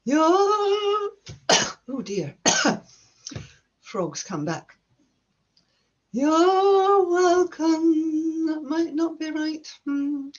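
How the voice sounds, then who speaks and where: Croaky woman on a dull video call. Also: high-pitched, expressive. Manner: apologetic about a croaky voice, then sings a slow ballad. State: slightly croaky. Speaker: folk club singer. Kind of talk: casual chat and unaccompanied folk singing. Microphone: computer mic on a video call.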